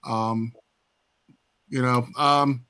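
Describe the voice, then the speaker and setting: A man playing an online social deduction game, speaking haltingly with many fillers. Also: medium pitch, steady tone, sharp tone, smooth. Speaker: player. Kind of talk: casual game chat.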